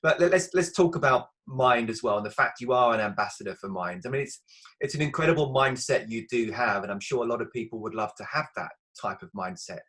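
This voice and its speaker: Quick, conversational male interviewer. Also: mid-range voice, expressive, fairly bright tone, low-quality recording. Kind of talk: casual interview.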